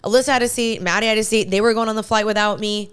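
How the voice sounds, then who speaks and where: Smooth-voiced young woman podcast host. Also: medium pitch, rapid-fire. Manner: animated storytelling with quoted voices. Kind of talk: casual chat.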